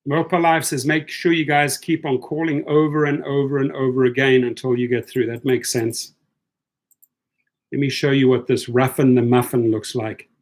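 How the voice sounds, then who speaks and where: A man's voice: medium pitch, flat delivery, moderate pace. Blunt, indignant male live streamer. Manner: indignant, blunt, repeats himself for emphasis. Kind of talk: live stream chat, reading viewer comments.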